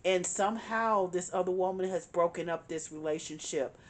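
A woman's voice: lowish voice, moderate pace. A woman tarot reader talking straight to the listener, emphatic and repeating her points as she reads the cards. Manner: emphatic, repeats phrases, addresses the listener directly. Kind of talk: tarot reading monologue.

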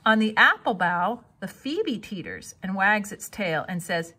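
A woman reading a children's novel aloud with expressive storytelling. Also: medium pitch, unhurried, hardly any pauses. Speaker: reader.

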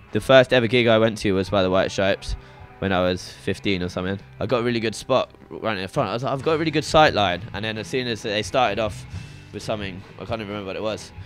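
A young man chatting casually about his favourite records, rambling with many restarts. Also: lowish voice. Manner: rambling, hesitant, full of restarts. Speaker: shop visitor sharing records. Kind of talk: casual chat. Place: record shop in a venue.

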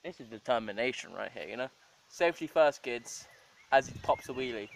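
A young man vlogging casually, swearing freely and laughing often as he gives an excited running commentary outdoors. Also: mid-range voice, quick pace, vocal fry, a little hiss or hum. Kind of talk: casual profane vlog chatter. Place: outdoors behind a house.

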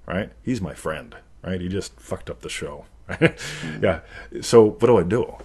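A man with a very low, husky voice hosts a casual live question-and-answer chat. He talks in a jokey, animated way, laughs a lot and slips into playful voices to make his point. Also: unhurried. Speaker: host.

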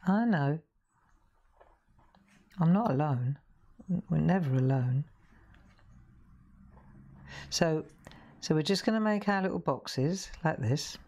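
Chatty low-voiced woman in her sixties. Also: lively intonation, slow, long pauses, dark tone. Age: 60s. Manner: chatty, rambling, self-interrupting. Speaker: craft show host. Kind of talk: live crafting demonstration chat.

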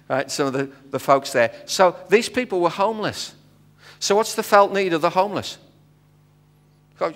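British man preaching in a reverberant church. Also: a little high. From Britain. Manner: animated storyteller acting out dialogue, frequent fillers. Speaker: guest missionary speaker. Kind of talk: storytelling sermon. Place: church sanctuary. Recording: long hall reverb.

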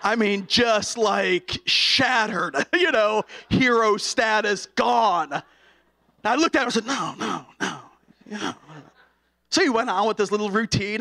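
High-voiced impassioned male preacher, gravelly. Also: measured pace. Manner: impassioned, swings between hushed and shouting. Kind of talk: sermon. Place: college chapel.

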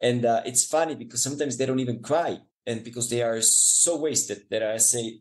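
A man's voice: mid-range voice, moderate pace, few pauses, rough recording. Ecuadorian guy w spanish accent, mountain guide guest, heartfelt rambling storytelling. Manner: warm, emotional, frequent restarts and laughs. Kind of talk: storytelling interview answer.

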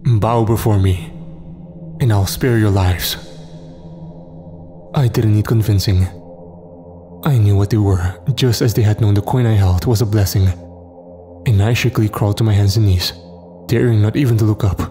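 A man narrating a first-person horror story in a measured, grim way. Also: fairly low pitch, steady tone, music in the background.

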